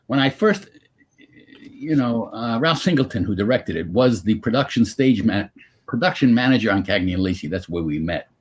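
An older man with a husky, slightly breathy voice tells stories with a pitch that swings up and down all the time. He sounds like a guest on a video call, animated and anecdotal, answering an interviewer's questions. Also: normal speed. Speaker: guest actor.

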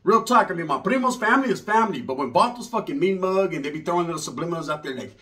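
A man telling a comedic story with heavy slang and profanity, sliding into low muttered voices when he quotes other people. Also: lively intonation, rapid-fire, fairly bright tone.

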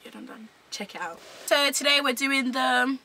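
A woman's voice: high voice, moderate pace, bright, forceful tone. A young woman hosting her own vlog, chatting casually with a friend and often laughing. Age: young adult. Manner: giggly, playful banter. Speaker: vlogger host. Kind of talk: casual chat.

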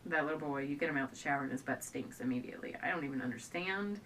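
A woman's voice: very fast, fairly bright tone. A young pregnant woman chatting casually to her camera at home, rambling and restarting her sentences, often a bit out of breath. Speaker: stay-at-home mom vlogger. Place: at home indoors. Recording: a bit distant from the camera, faint low rumble.

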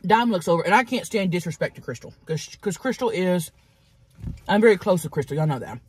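A woman vlogger telling a crude story in a fast, animated way while eating. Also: lowish voice, husky.

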